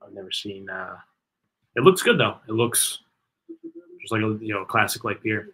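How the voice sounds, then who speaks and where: A man co-hosting a fan watch-party stream, rambling casually with lots of fillers and getting excited at big plays. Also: on the low side, moderate pace, breathy edge, low-quality recording. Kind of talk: casual live game-watching chat.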